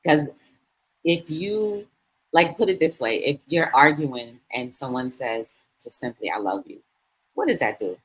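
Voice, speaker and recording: A woman guest and clothing vendor, answering interview questions in a soft-spoken, reflective way with fillers. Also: extremely low pitch, a little slow, breathy edge, rough recording.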